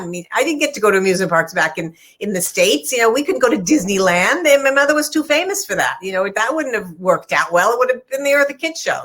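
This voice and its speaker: A woman's voice: mid-range voice, a bit bright. A middle-aged woman author earnestly telling a personal story in conversation, with many fillers and restarts. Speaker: author discussing her book.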